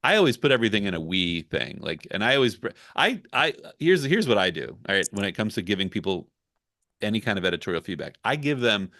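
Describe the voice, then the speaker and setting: A man's voice: on the low side, very animated, fast, pushed and bright, no room sound, clean studio sound. A man who works as a ghostwriter, speaking candidly and reflectively in a casual podcast conversation. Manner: candid, reflective, talks it through. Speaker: ghostwriter guest.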